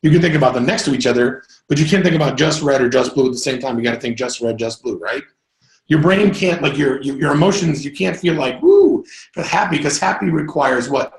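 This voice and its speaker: A man giving a live sales coaching talk to a group, energetic and rambling, breaking into sudden whoops. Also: medium pitch, quick pace, reverberant.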